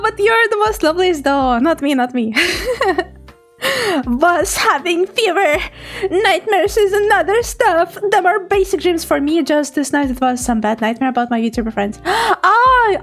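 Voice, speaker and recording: A woman's voice: extremely high pitch, fairly bright tone. A young woman, a native Russian speaker, chatting casually on a live stream, giggly and talkative, often laughing as she reads chat.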